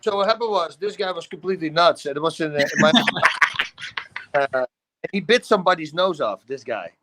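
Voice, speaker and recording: A middle-aged man with a Dutch accent, telling animated stories in a casual talk show. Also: a little high, moderate pace, very noisy. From Netherlands. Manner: animated storytelling, acts out quotes, laughs often. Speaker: guest. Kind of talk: casual storytelling.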